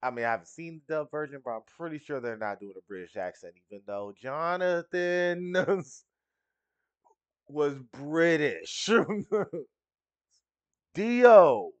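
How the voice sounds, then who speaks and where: A man's voice: fairly high pitch, normal speed, fairly bright tone, clear, resonant tone, no room sound, lo-fi sound. A young man hosting a casual reaction video, chatty and profane, laughing often.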